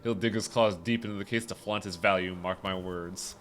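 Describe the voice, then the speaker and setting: A man reading the lines of a world-weary townswoman from a video game, in a grim, measured, matter-of-fact way. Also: low voice, steady tone, fairly bright tone.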